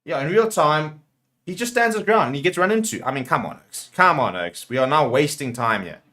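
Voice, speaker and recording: A man's voice: on the high side, lively intonation, brisk, bright, forceful tone. A man hosting a rugby watchalong, calling the play live and getting heated with the referee. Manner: partisan play-by-play calls. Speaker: watchalong host.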